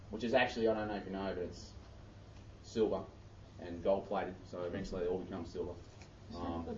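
A man's voice: on the low side, a little mellow, a little hiss or hum. A man preaching a sermon, reading scripture aloud and breaking off into chatty asides. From Australia. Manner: conversational, self-interrupting preaching with Bible reading. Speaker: pastor. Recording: echoey, distant, dull church audio.

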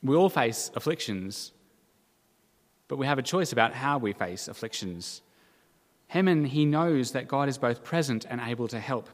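A man preaching a sermon in an earnest, measured way, with dramatic quoted cries now and then. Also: mid-range voice, lively intonation, in a large hall. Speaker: pastor.

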